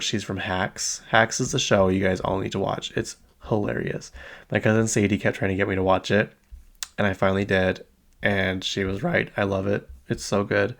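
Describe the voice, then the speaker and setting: A young man in his late twenties hosts a solo pop-culture chat, rambling and chatty with plenty of fillers. His voice sits low with a gravelly, fry-heavy edge. He talks loosely and unscripted, as if thinking aloud. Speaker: podcast host.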